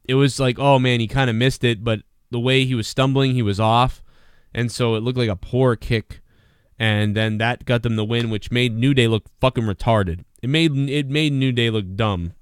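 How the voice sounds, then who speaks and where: A man hosting a casual wrestling review show, blunt and profane, running through supporter shout-outs and complaining about matches. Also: mid-range voice, steady tone, moderate pace, clean tone, no room sound, clean studio sound. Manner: mimics wrestler promos in a louder voice. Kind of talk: casual solo review commentary.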